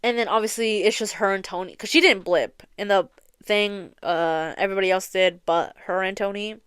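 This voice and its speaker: A woman's voice: mid-range voice, fairly even intonation, moderate pace, fairly bright tone, smooth, no room sound, studio quality. A young woman hosting a podcast, retelling a story in a rambling, casual way, full of filler words and swearing. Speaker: podcast host. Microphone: close studio mic, audio only.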